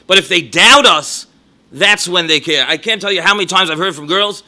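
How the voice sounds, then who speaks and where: A man's voice: high-pitched, lively intonation, fairly quick, bright, forceful tone. A man, a rabbi and educator, giving a talk full of anecdotes and sprinkled with Yiddish and Hebrew words. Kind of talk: lecture with anecdotes.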